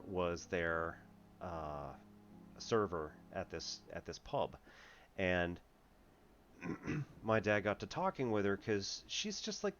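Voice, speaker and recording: A man's voice: deep voice, fairly bright tone, dull audio. A man tutoring math in a casual, rambling way, laughing often and restarting his sentences. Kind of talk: casual lesson chat.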